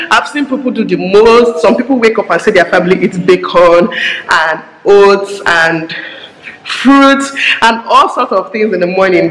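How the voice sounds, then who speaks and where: A woman with a Nigerian accent chatting casually to her viewers in a home vlog, talkative and joking. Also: mid-range voice. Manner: chatty, joking, talks fast and a lot. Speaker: mom vlogger. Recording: echoey room with faint background noise.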